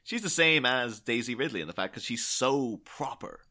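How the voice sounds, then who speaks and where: Casting: man, casual podcast co-host, bright forceful tone, animated delivery. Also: medium pitch, moderate pace. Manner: animated, slips into silly impressions. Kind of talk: casual chat.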